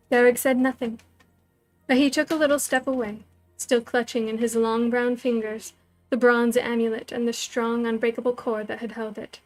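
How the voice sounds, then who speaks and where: A woman storyteller reading a novel aloud, in measured, even first-person narration. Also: fairly high pitch, faint music behind.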